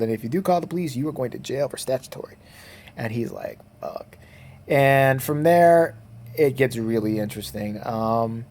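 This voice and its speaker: A man's voice: medium pitch, a little mellow. Man, casual movie review, rambling, swears a lot, lots of ums, mimics characters. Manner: rambling and profane, with frequent fillers; mimics characters in quick quoted voices.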